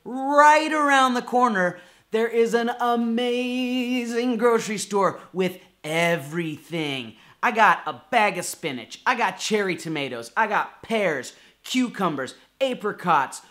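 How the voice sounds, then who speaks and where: A man's voice: high-pitched, sharp tone. A young man talking to camera in a casual, upbeat travel vlog, chatting directly to his viewers. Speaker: travel vlogger.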